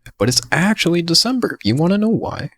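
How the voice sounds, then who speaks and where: A man's voice: a little high, quick pace, dry recording. A man co-hosting a podcast, telling rambling stories in casual banter. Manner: rambling, animated storyteller. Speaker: podcast co-host.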